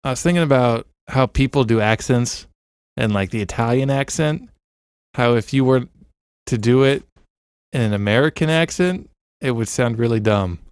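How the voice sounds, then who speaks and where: A man co-hosting a casual podcast, rambling and joking with plenty of "uh" and "like". His voice is smooth and resonant, and the recording is close and completely dry. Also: medium pitch, normal speed, no room sound. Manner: joking, rambling, heavy on fillers. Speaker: podcast co-host. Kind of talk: casual chat. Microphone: studio mic with headphones.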